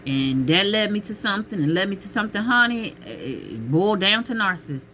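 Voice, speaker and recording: A middle-aged woman talking casually to camera with emphatic, expressive delivery, calling listeners honey and child and calling out to God. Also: mid-range voice, brisk, a little hiss or hum. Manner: peppers talk with exclamations to God. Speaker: vlogger giving relationship advice.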